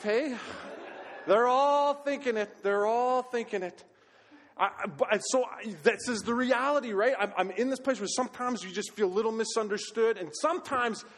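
A man preaching a sermon to his congregation, telling everyday stories with animated energy and sometimes hollering. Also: extremely high pitch. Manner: animated storytelling, hollering when quoting himself. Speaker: pastor. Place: church sanctuary. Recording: long reverb of a church hall.

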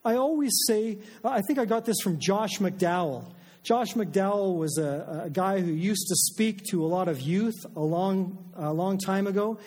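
A man's voice: high-pitched, unhurried, a little mellow, big-room sound. A middle-aged man preaching a sermon as a pastor, conversational and self-deprecating, with frequent fillers and restarts.

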